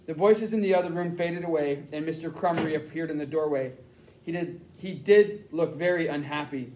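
A man narrating a novel in the first person with steady storytelling. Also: fairly high pitch, normal speed, slight background noise. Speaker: audiobook narrator. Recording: roomy echo.

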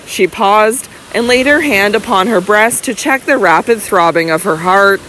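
A woman narrates a classic novel in a steady, measured storytelling voice. Her pitch sits in the middle range. A faint hiss runs under the recording. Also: low-quality recording. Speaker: audiobook narrator. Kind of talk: scripted narration.

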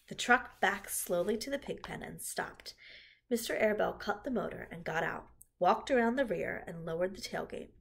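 A woman reading a children's book aloud in an expressive storytelling manner, with a husky voice. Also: medium pitch, normal speed. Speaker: reader.

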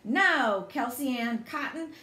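A woman voicing a hot-tempered little farm girl who shouts indignant threats. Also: fairly high pitch, lively intonation, close to an everyday voice. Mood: fuming. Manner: loud, indignant, rushing threats. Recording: echoey room.

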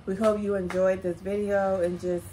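A woman's voice: mid-range voice, little pitch movement, normal speed, mellow, soft background music. Easygoing woman wrapping up a mukbang. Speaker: co-host of a food vlog channel. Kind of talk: casual mukbang chat. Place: at home, indoors.

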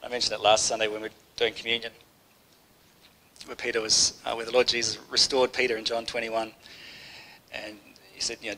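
A man's voice: medium pitch, level tone, a little fast, pauses often, sharp tone, poor audio. Man giving a rambling, conversational sermon. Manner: conversational, rambling, with many restarts. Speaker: preacher. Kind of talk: informal sermon.

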